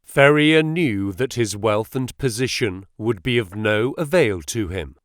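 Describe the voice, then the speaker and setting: A man narrating a classic novel as an audiobook in a measured, expressive way. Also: medium pitch, no echo, clean studio sound.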